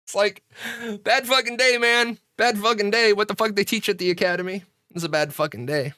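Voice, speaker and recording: A man from the United States chatting casually on his stream, a profane storyteller who rants and restarts his sentences. His voice sits a bit high and sounds bright and forceful. The recording is close and dry, with no room around it. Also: a little fast, smooth, no room sound. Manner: rambling with frequent restarts. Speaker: streamer hosting a game community show. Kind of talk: casual livestream chat.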